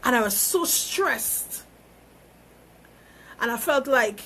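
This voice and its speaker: A woman's voice: a little high, expressive, slow, fairly bright tone, breathy edge. Emphatic preachy woman on a phone live stream. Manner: emphatic, preachy, repeats phrases for effect. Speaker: small business owner. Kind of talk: motivational live video monologue.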